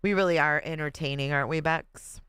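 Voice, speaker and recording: Chatty host with a smooth, dry voice. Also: mid-range voice, fairly even intonation, brisk, fairly bright tone, no room sound. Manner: chatty, laughs often, reads comments aloud. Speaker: livestream host. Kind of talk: casual livestream chat reading viewer comments.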